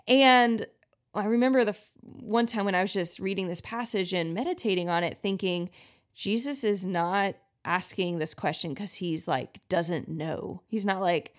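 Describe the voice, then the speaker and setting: Woman, health podcast host, mid-pitched voice, casual solo talk that slips into quoted voices. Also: normal speed. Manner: chatty, many "like" fillers, acts out quoted voices.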